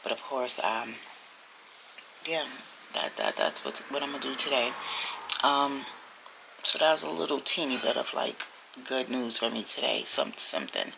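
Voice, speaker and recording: A woman vlogging from home, telling a story in a chatty, animated way that sometimes drops to a whisper. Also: rumbling low, normal speed, vocal fry, long pauses, noisy background. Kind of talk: casual storytelling chat. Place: at home indoors.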